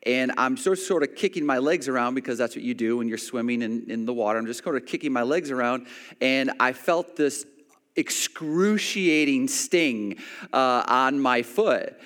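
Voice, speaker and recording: A man's voice: mid-range voice, lively intonation, normal speed, fairly bright tone, in a large hall. A man preaching a sermon, telling a personal story with many restarts and acted-out quotes. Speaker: pastor.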